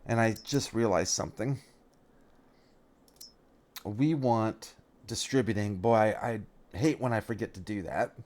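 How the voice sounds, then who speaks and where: A man's voice: fairly low pitch, unhurried, pauses often, darkish tone. A man casually commentating his farming game, thinking aloud and correcting himself as he goes. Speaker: let's play gamer.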